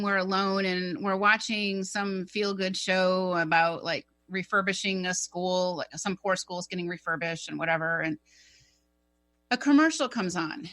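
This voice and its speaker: Woman, middle-aged, bright tense voice, chatty rambling radio storyteller. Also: mid-range voice. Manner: animated, chatty, rambling with fillers. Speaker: co-host telling a personal story.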